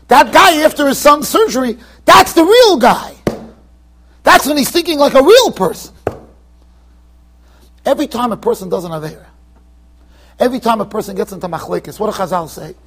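Rabbi giving a shiur, yeshivish accent, high husky voice, swings up and down a lot. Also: male voice, moderate pace, long pauses, slight background noise. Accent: American Orthodox Jewish, Yeshivish. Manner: animated, acts out examples with sudden shouts. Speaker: rabbi giving a Torah class. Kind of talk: yeshiva lecture. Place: study hall in a yeshiva.

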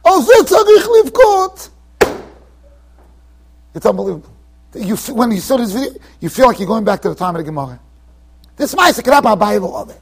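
High-pitched husky rabbi giving a lecture. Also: male voice, rapid-fire. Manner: animated, acts out quoted speakers with sudden loud outbursts; swings between emphatic and quiet, trailing-off asides. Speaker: rabbi teaching a weekly Torah class. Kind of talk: Torah lecture to students. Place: yeshiva study hall.

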